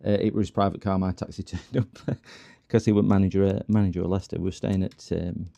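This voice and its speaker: While working on repairs at his home workbench, a man talks casually to his stream, rambling through stories that keep stopping, restarting and breaking into laughter. He talks fast in a low, level tone, and his voice is gravelly but mellow.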